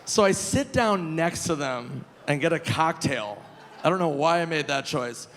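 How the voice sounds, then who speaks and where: A man in his forties performing a live stand-up comedy set, animated and loose, breaking into squealing high voices for punchlines. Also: unhurried. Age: 40s. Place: large theater stage. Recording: live venue with long reverb, faint noise.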